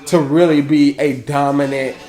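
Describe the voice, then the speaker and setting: A man's voice: on the high side, little pitch movement, moderate pace, dark tone. A man co-hosting a podcast, debating music casually, stopping and restarting his sentences as he builds a point. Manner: hesitant, restarts and repeats words while building an argument. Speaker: podcast co-host.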